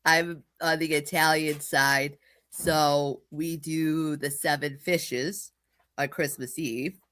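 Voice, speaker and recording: A woman from New England with a New England accent, chatting as a lively and blunt co-host on a talk show. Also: low-pitched, slow pace. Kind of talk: casual talk show chat.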